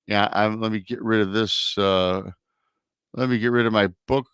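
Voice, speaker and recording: A man's voice: lowish voice, fairly even intonation, normal speed, fairly bright tone, clear, resonant tone, no room sound. A man hosting a live podcast show, running through upbeat promotional announcements in a casual, loose way. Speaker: podcast host.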